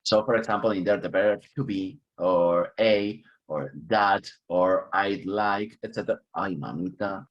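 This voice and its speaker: A man's voice: low-pitched, a little slow, hardly any pauses, lo-fi sound. A man teaching an online English class, chatty and upbeat, chuckling often and leaning on key words. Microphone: computer mic on a video call.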